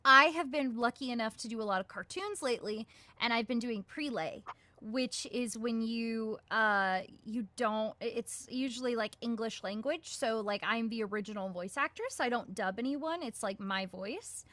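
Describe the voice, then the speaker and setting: A woman's voice: fairly high pitch, moderate pace, sharp tone. A woman voice actress answering interview questions casually, with many fillers, acting out her own quoted thoughts. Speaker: guest voice actress.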